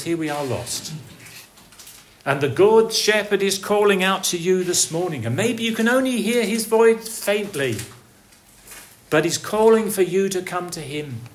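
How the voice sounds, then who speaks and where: Slow, earnest male preacher. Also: high-pitched, a little hiss or hum. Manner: swings from soft, hushed lines to raised, calling ones. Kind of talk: sermon.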